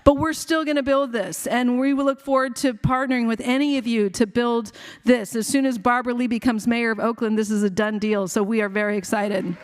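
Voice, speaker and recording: A woman's voice: a little high, fairly even intonation. Passionate woman speaking in a reverberant hall. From India. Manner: passionate, quick, conversational with many fillers. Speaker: keynote speaker, physician. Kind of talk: conference keynote talk. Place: large conference hall.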